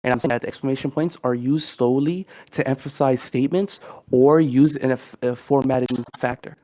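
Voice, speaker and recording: A man argues his case quickly and insistently in a casual debate. He sounds pedantic and keeps pressing his point, with a voice at an ordinary pitch for a man. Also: fairly even intonation, dark tone.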